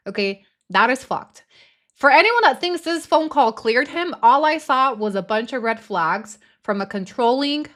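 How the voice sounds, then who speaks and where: A woman's voice: on the high side, fairly bright tone. A woman hosting a live show, giving blunt, emphatic commentary on a recorded phone call, with casual swearing. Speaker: host.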